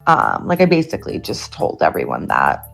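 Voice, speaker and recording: A young woman venting a personal story to camera, agitated and swearing, her voice getting louder in bursts. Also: very deep voice, wildly swooping pitch, normal speed, creaky, faint music behind. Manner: agitated, swearing, rising to loud outbursts. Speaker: TikTok storyteller.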